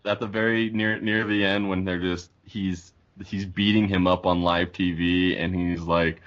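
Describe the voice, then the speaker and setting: Rambling man with a lowish voice. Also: level tone, measured pace, few pauses, a bit bright. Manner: rambling, full of fillers and restarts. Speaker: podcast co-host. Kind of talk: casual movie review chat. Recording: dull lo-fi podcast audio.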